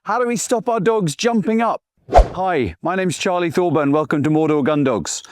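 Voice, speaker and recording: A man's voice: high-pitched, moderate pace, darkish tone, dry recording. A middle-aged man, a dog trainer, giving an instructional talk to camera in an assertive, down-to-earth way, often checking in with "okay?". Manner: plain-spoken, assertive, down-to-earth.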